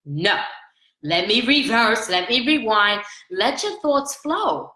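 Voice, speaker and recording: A woman life coach giving an animated motivational talk, asking "right?" often and laughing between points. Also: medium pitch, a little slow, reverberant, low-quality recording.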